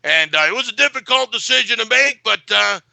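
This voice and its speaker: A man's voice: high voice, animated, brisk, vocal fry, bright, forceful tone, no room sound. A man giving a sports betting pick in a blunt, boastful way, full of filler uhs.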